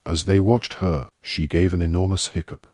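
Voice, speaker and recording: Low husky man, steady audiobook narration, dry close sound. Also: moderate pace, no room sound. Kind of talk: scripted narration.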